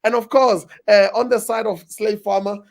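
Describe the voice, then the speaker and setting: A man's voice: high-pitched, steady tone, normal speed, gravelly. A man who co-founded a farming app, speaking on a panel call, wordy, with fillers and playful asides.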